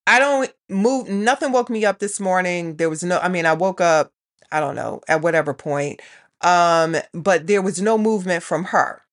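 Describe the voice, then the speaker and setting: A middle-aged woman telling a rambling everyday story in a casual vlog, often quoting herself. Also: lowish voice. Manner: chatty, rambling, quotes herself and her daughter. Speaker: vlogger.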